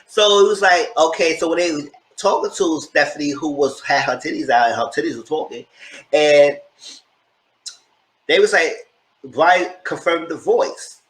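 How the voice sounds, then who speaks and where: A man giving a chatty, animated recap of a TV episode and talking straight to his viewers. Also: fairly high pitch, normal speed, roomy sound. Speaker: TV show reviewer. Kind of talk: casual recap commentary.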